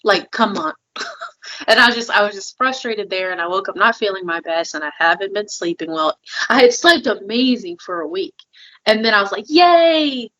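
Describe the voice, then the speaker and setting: A woman's voice: mid-range voice, fairly quick, sharp tone, highs cut off. A woman co-hosting a podcast, talking candidly and chattily. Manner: candid and chatty, with small laughs. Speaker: podcast co-host. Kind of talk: casual chat.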